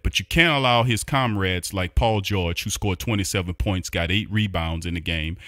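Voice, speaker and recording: A man's voice: on the low side, a bit bright, no room sound, clean studio sound. A man hosting a sports podcast, ranting heatedly with a New Orleans accent and repeating himself in frustration. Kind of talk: opinionated sports recap.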